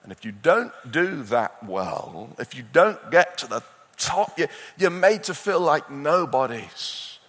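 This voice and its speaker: A male preacher with a fairly high voice, animated and expressive, rising to urgent peaks and dropping to hushed lows. His words ring out with a long reverb from a large hall. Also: slow pace. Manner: animated, swings from loud urgency to quiet intensity. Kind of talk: sermon.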